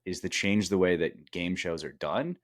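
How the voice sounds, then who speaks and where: A man's voice: low voice, moderate pace. A man co-hosting a casual podcast, rambling and restarting his sentences, tired. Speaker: podcast co-host.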